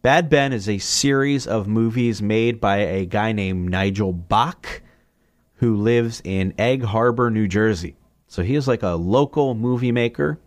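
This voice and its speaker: A man with a fairly low voice talks through a list of movies in a casual solo podcast, rambling and cursing as he goes. He keeps jumping into excited, higher-pitched asides. The sound is close and dry, with no room echo. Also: measured pace. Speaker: podcast host.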